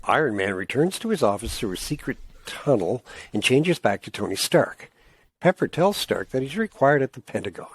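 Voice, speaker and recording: A man's voice: mid-range voice, very animated, normal speed, breathy edge, no echo. A man co-hosting a casual comic-book podcast, reading plot summaries aloud and cracking joking asides. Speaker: podcast co-host.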